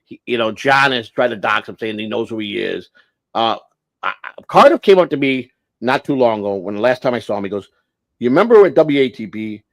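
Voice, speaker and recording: A man's voice: mid-range voice, lively intonation, a little fast, dry recording. A man hosting a casual livestream, rambling and blunt, swearing freely and restarting his sentences. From United States. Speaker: livestream host.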